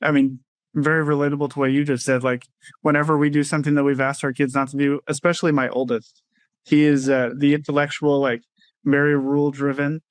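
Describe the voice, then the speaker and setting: A man's voice: on the high side, flat delivery, fairly quick, dry recording. A man who coaches parents, explaining his views in a casual interview and often checking in with "right?". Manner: thoughtful, explanatory, frequent "right?" tags. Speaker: guest, clinical social worker and parenting coach.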